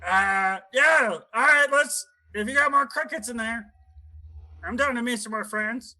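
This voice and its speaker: Man doing a squeaky pompous frog prince. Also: a little slow, sharp tone, heavily acted. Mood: fussy. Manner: hesitant, fussy, self-important.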